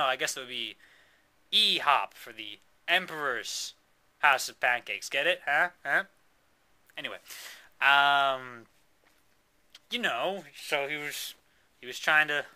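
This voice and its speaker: Bright-voiced rambling young man. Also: on the high side. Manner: rambling, self-interrupting, argues with himself. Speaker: storyteller. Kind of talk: improvised comic storytelling.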